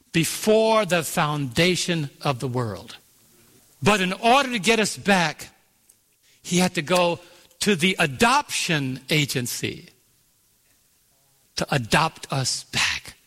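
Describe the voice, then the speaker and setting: A man's voice: high voice, very animated, slow pace, long pauses, sharp tone. A man preaching a sermon, telling a story and drawing out key words, asking the congregation to fill in answers. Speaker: pastor. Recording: long reverb of a large hall.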